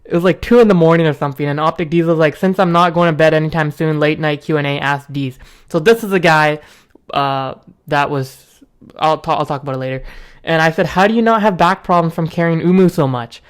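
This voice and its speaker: A young man hosting a gaming video, telling a rambling story with bursts of excitement. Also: on the high side, a little fast, clear, resonant tone. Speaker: gaming channel host.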